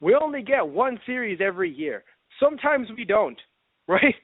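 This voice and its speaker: A man's voice: very high voice, very animated, moderate pace, gravelly, dry recording. A man co-hosting a casual fan review podcast, talking animatedly, acting out reactions and laughing often. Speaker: podcast co-host. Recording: dry, phone-like lo-fi sound.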